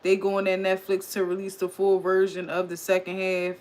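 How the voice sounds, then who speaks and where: A woman hosting a casual livestream recap, chatting loudly and excitedly with her chat and reading their comments aloud. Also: mid-range voice, normal speed.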